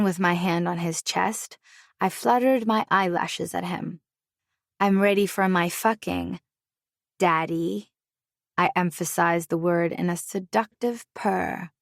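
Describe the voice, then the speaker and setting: A woman's voice: fairly low pitch, creaky, no echo, clean studio sound. A woman narrating a first-person romance audiobook with a wry, sultry, playful delivery.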